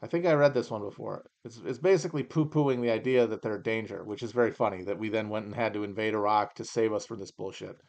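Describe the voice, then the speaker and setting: A man's voice: on the low side, fairly even intonation, quick pace, vocal fry, hardly any pauses, a little mellow. A man hosting a podcast, riffing in a sarcastic, profane, rambling way while he reads aloud and comments. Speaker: podcast host. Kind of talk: casual comedic commentary.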